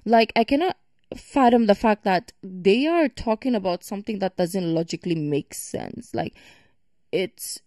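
Woman reaction creator, emphatic ranter, mellow voice, dry sound. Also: mid-range voice, lively intonation, measured pace, no room sound. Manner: ranting, emphatic and exasperated. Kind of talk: casual reaction commentary.

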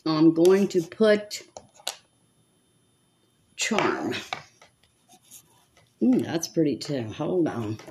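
A makeup vlogger in her seventies speaks very slowly, with long pauses, as she chats with viewers and mutters to herself while doing her makeup on camera. Her low voice is very animated and a little mellow, with slight hiss or hum.

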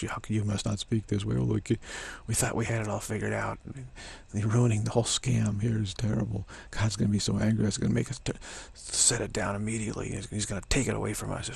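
A man's voice: fairly low pitch, creaky, a little mellow, husky. A man giving an informal spiritual talk, rambling and laughing as he acts out imagined voices. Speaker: spiritual teacher.

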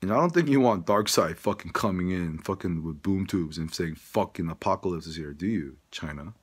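A man's voice: deep voice, animated, moderate pace, breathy edge. A man talking straight to his audience in a rambling, profane, emphatic monologue. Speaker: vlogger.

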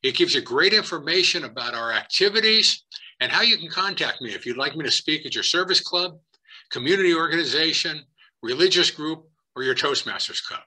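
Husky, bright-voiced male host. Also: a little high, animated, a little fast. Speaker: interview host. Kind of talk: scripted sign-off.

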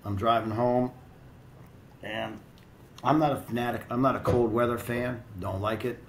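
A man's voice: mid-range voice, fairly even intonation, normal speed, a little hiss or hum, rough recording. A middle-aged American man and strength coach telling blunt, profane, rambling stories in a casual interview.

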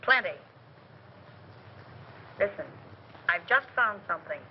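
An actress playing a quick-witted young woman reporter, brisk and teasing, in 1930s film style on an old soundtrack. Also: medium pitch, animated, muffled recording, a little hiss or hum.

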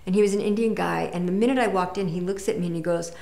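Low gravelly woman telling a story. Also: a little mellow, roomy sound. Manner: unhurried, reflective, with fillers and restarts. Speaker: meditation teacher. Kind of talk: personal storytelling.

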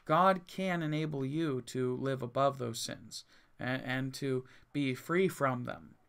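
Speaking slowly with vocal fry, this male pastor has a mid-range, fairly bright voice. He reads Bible verses aloud, then explains them plainly in an earnest, emphatic way, often restarting his sentences.

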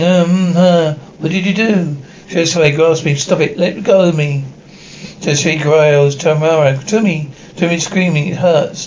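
A man reads a whole script aloud in a fairly high voice, speaking every part and sound cue himself. His reading is flat and halting, stumbling over words as he goes. The audio is dull and lo-fi, with a faint hiss under it. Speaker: script reader.

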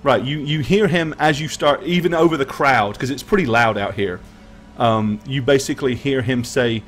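A man of mid-range pitch runs a tabletop role-playing game. He narrates loosely, with plenty of fillers and restarts, while faint music plays underneath. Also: normal speed, hardly any pauses. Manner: rambling, filler-heavy narration. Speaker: game master.

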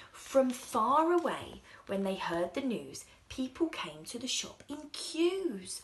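A woman reading a children's story aloud in an expressive, sing-song way, dropping into soft whispers at times. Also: on the high side, slow pace, few pauses, a little hiss or hum.

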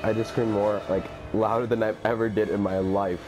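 A man's voice: on the low side, little pitch movement, normal speed, over music. A man commentating a horror game, swearing constantly and shrieking when scared. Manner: panicky, constant swearing, screams in fright. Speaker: gaming host.

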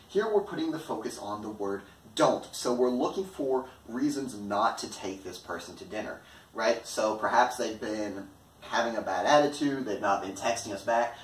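A man giving an explanatory lesson as an online instructor, lively and playing with stress and pitch in his examples. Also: moderate pace. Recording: echoey room, mic at a distance.

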